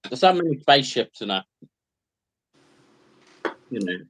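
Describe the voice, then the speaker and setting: A man's voice: mid-range voice, sing-song, unhurried, fairly bright tone, dry recording. A man chatting casually while painting models, wondering aloud and giving short, easygoing replies.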